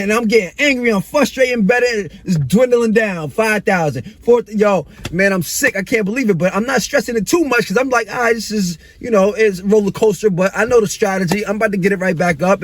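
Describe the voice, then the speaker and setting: A man in his thirties casually telling a long personal story to camera, animated and slangy, swinging between excitement and regret. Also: high voice, fast talker, hardly any pauses.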